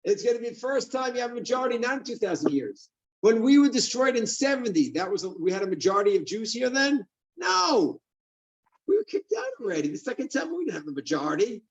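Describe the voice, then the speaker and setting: A man giving a sermon as a rabbi, lively and asking and answering his own questions. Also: sits high, muffled recording.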